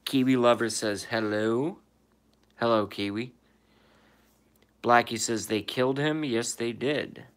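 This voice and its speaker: A man's voice: medium pitch, unhurried, a bit bright. A man hosting a casual livestream, reading viewer comments aloud and answering them, swearing and asking emphatic rhetorical questions from indoors. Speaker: livestream host reading chat. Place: indoors, in his room.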